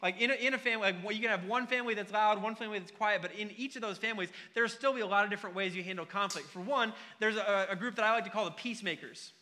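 Pastor guy preaching, high bright voice, chatty storytelling, echoey church hall. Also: racing, few pauses. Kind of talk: sermon.

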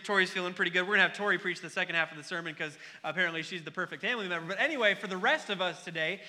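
A man's voice: sits high, bright, forceful tone, long reverb tail. A man preaching a sermon, conversational and telling stories to the congregation. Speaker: pastor.

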